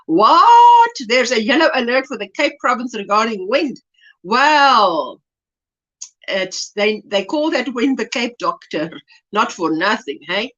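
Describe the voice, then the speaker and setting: A woman's voice: on the high side, lively intonation, a little slow, sharp tone, dull audio. A woman hosting a casual livestream, bubbly and laughing often as she reads chat comments aloud. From South Africa. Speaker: livestream host.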